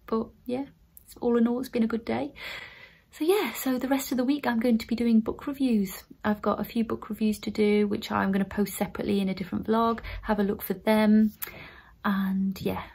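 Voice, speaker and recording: A woman's voice: a little high, little pitch movement, moderate pace, creaky, a little mellow, breathy edge. A woman in her thirties with an English accent, vlogging emotionally to camera from an emptied room at home, her voice often dropping to a whisper. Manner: emotional, tearful, breaking into whispers. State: teary. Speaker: vlogger, newly qualified nurse. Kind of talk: casual vlog talk to camera.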